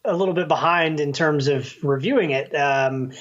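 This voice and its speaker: A man's voice: on the high side, normal speed. A man with a slightly raised voice shares his take on a film, agreeable and easygoing. His sound is muffled and lo-fi, as if the signal has lost its top end. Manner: agreeable, short backchannels, relaxed. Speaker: podcast co-host. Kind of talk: casual movie review chat. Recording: dull lo-fi sound.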